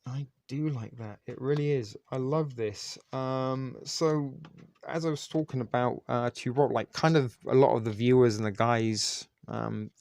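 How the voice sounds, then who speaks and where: A man's voice: mid-range voice, steady tone, a little slow, gravelly, a little mellow. A man hosting a casual live stream, rambling with lots of fillers and restarts. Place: Toronto.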